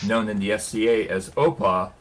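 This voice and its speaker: A man's voice: fairly low pitch, normal speed. A man telling a long story on a casual hangout stream, laughing and swearing as he goes. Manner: profane, laughing, animated storyteller.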